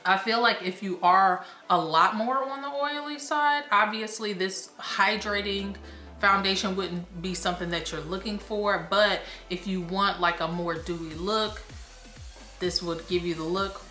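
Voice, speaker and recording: A young woman beauty vlogger chats casually in a mid-range, sharp-toned voice, unhurried and a little out of breath. She rambles and laughs at herself. The sound is reverberant, with soft music in the background.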